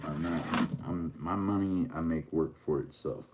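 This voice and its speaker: A man's voice: very deep voice, moderate pace, background noise. A middle-aged man, hosting a livestream and teasing his chat in a joking, easygoing drawl. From Oklahoma. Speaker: livestream host.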